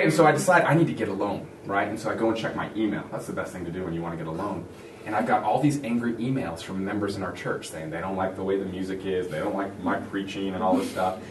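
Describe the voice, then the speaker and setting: A man preaching a sermon as a pastor, telling a story with lively acted-out voices of others. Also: mid-range voice, a little hiss or hum. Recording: echoey room from a distance.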